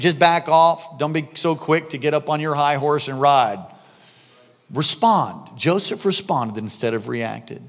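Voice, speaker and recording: A man preaching a sermon as pastor, animated, swinging between loud exclamations and quiet asides. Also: a little high, in a large hall.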